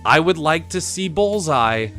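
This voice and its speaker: A man hosting a live stream, talking in a casual, animated way. He laughs often and repeats and restarts his words. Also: on the high side, unhurried, soft background music.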